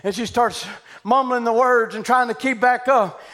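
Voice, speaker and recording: Fiery revival preacher, man, very high and ringing voice, shouting, faint congregation behind. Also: moderate pace. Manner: fervent, shouting, exclaims hallelujah. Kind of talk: revival sermon and prayer. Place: church building with congregation.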